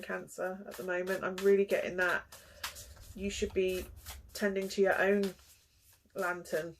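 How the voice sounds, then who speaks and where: A young woman giving a casual tarot reading, chatty and animated, with frequent sighs and small gasps. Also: medium pitch, slight background noise. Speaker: tarot reader.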